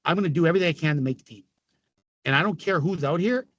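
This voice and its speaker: A Canadian man in his fifties tells rowdy hockey stories in a casual chat, swearing freely, laughing, and acting out each quote. His voice sits a little high, and the sound is close and dry with no room echo. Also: very fast, fairly bright tone, highs cut off. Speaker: podcast guest, former pro hockey player. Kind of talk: casual storytelling.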